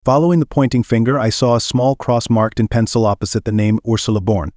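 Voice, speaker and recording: A man narrates a novel aloud with measured, even storytelling. His pitch sits in the middle of the range. The recording is dry and close. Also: no room sound. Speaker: audiobook reader. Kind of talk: scripted narration.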